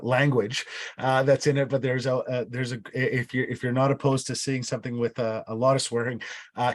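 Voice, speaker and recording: A man leading an online workshop. He talks casually and often repeats words and restarts his phrases. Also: mid-range voice. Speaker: workshop facilitator.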